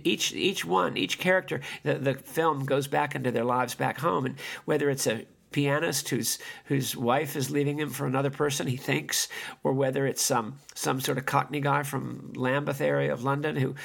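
A man's voice: medium pitch, creaky, a bit bright, breathy edge. A man hosting a podcast, talking in a rambling monologue with many restarts and fillers. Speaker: podcast host. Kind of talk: casual spoken monologue.

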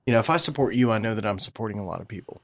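A man hosting a casual conversation, playful and quick to chime in with jokes. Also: on the low side, animated.

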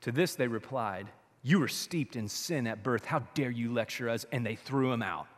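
A man pastor preaching a sermon, animated, swinging from loud to hushed, with sarcastic asides. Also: medium pitch, normal speed, big-room sound.

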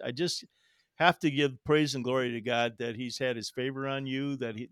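A man's voice: medium pitch, fairly bright tone, dry recording, clean studio sound. A man hosting a podcast interview, reacting readily and heaping praise on his guest. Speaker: podcast host. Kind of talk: interview chat.

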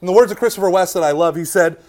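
Speaking fast in a high voice, this Catholic man delivers an animated faith talk to an audience. His delivery shifts from booming emphasis to quiet asides, and he keeps asking "right?" to draw the room in.

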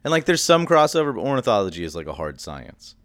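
Deep-voiced, lively young man explaining. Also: fast talker, no echo. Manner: explains at length, animated and chatty. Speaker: podcast co-host. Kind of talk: casual chat.

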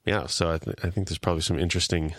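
A man's voice: deep voice, little pitch movement, racing, no echo, studio quality. A man co-hosting a podcast, congested from allergies, talking in an easygoing casual way and laughing often. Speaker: podcast co-host. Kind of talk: casual podcast review chat. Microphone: remote call microphone.

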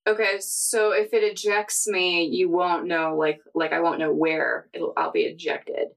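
A woman's voice: fairly low pitch, flat delivery, a little slow, creaky, rough recording. A woman playing in a tabletop game, casual and chatty, thinking aloud about plans. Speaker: player.

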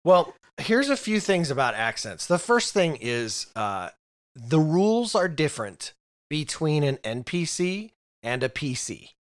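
A man's voice: on the high side, big pitch swings, unhurried. A man co-hosting a casual podcast chat about role-playing games, often restarting and repeating words as he thinks aloud. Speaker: podcast co-host.

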